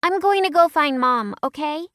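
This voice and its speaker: A woman voicing a bright, precocious little girl who lectures emphatically in an audiobook. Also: high voice, animated, moderate pace, no echo, studio quality, voice pushed up. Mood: eager.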